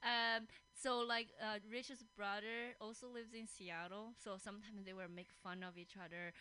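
A woman's voice: mid-range voice, fairly even intonation, moderate pace, pushed and bright, clean tone, low-quality recording. A woman hosting a casual podcast, telling comedic stories with many fillers and frequent laughter. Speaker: podcast host.

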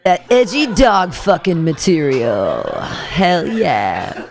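Brief: female comedy emcee, slow, sing-song delivery, sarcastic, music behind her. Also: fairly low pitch, huge pitch swings. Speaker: open mic host.

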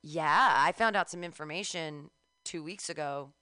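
A middle-aged woman co-hosting a frank, profane chat show, her rants animated and blunt. The sound is dry and close, with no room around her voice. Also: deep voice, normal speed, clear, resonant tone, no room sound. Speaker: podcast co-host.

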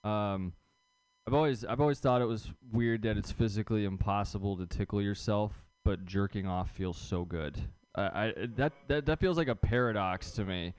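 A man's voice: on the low side, normal speed, smooth, no room sound. A young man doing a stand-up comedy set, rambling and self-deprecating, stumbling over his words.

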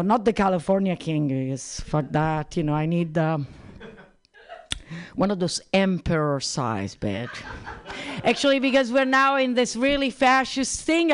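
Crude rambling male stand-up comic. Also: high voice. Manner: crude, rambling, self-mocking. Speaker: stand-up comedian. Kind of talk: open-mic stand-up.

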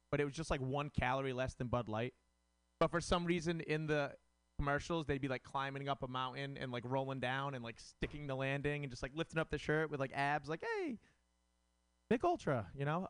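A man's voice: medium pitch, clean tone, dry recording. A man from Rhode Island doing a rambling, self-mocking stand-up set, full of fillers. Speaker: stand-up comic.

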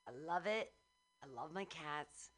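A woman in casual chat, brash and profane, joking loudly about her cats. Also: deep voice, measured pace.

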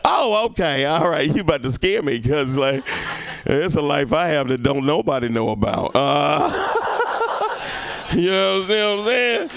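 A man's voice: on the high side, sing-song, measured pace, gravelly, a bit bright, no room sound. A male stand-up comedian doing a rambling, profane set and teasing the audience. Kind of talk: stand-up set with crowd work.

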